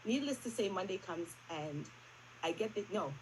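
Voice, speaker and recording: A woman's voice: medium pitch, expressive, normal speed, a little hiss or hum, poor audio. A woman in her forties telling a personal testimony to a church congregation, acting out the conversations in her story. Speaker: church member giving testimony. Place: church service.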